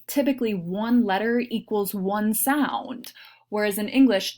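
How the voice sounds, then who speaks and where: A woman instructor talks through a recorded lesson in an explanatory way, pausing often on ums. Her voice sits at an ordinary middle pitch for a woman, and she models sample learner sentences as she goes. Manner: explanatory, many ums, demonstrates learner errors. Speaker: teacher trainer. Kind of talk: recorded lecture.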